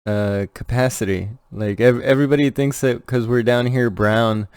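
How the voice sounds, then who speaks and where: A man's voice: medium pitch, moderate pace, darkish tone, clean tone, no room sound, studio quality. A man from Texas co-hosting a podcast, chatting casually with crude, profane jokes. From Rio Grande Valley, Texas. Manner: crude, joking, swears often. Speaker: podcast co-host.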